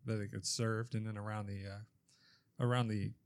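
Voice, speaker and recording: A man's voice: on the low side, flat delivery, moderate pace, creaky, no echo. A man who is a guest on a casual podcast chat, explaining things in a plain, matter-of-fact way. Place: podcast studio room.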